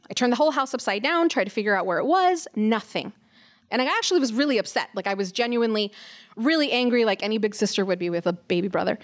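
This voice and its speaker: An earnest young woman tells a personal story to a live audience. Her voice sits at a middle pitch, and she talks in a plain, conversational way. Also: lo-fi sound.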